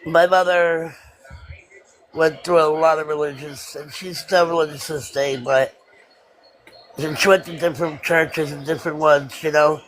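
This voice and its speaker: A man's voice: on the high side, steady tone, moderate pace, a bit bright, slight background noise, rough recording. A man chatting casually and emphatically about his family. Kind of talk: casual chat.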